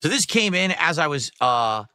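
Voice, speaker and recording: A man with a bright, forceful voice talks loosely and at length as he hosts a casual livestream. He reads out donor messages as he goes, and the sound is dry and close. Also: fairly high pitch, sing-song, moderate pace, smooth, no echo. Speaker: streamer host.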